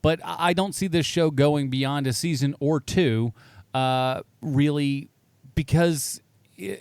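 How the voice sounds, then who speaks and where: A man's voice: medium pitch, clear, resonant tone, no room sound. A man co-hosting a casual podcast chat, rambling and correcting himself as he goes. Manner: animated, rambling, self-correcting. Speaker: podcast co-host.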